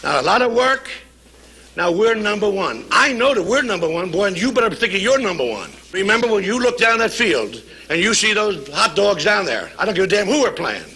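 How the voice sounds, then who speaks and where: Man, coach, locker-room pep talk, bright forceful voice, lively swinging pitch, commanding. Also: fairly quick, poor audio. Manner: rousing, commanding, profane. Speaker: coach addressing players.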